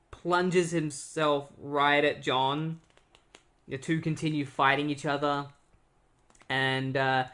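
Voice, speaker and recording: A man co-hosting a podcast, casually retelling a comic storyline with lots of fillers and quick quoted character voices. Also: on the high side, pushed and bright. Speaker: podcast co-host. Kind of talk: casual comic book recap.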